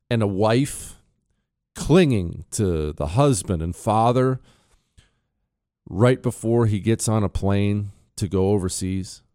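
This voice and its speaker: A man's voice: mid-range voice, mellow, no echo, studio quality. A middle-aged man hosting talk radio, ranting in a heated, sarcastic monologue.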